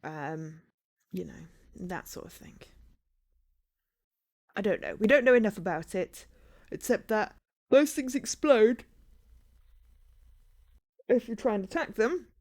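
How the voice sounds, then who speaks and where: A woman gives chatty let's-play commentary as she streams a game, sometimes reading its text aloud. Her pitch swings in a lively way, mid-range overall. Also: takes it slowly, pauses often. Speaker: streamer playing a visual novel.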